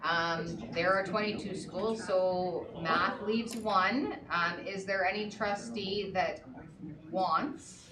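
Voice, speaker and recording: A woman's voice: medium pitch, steady tone, slow, a crowd in the background. Woman chairing a board meeting, echoey. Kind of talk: meeting chairing, reading a list. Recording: echoey room, far from the mic, faint noise.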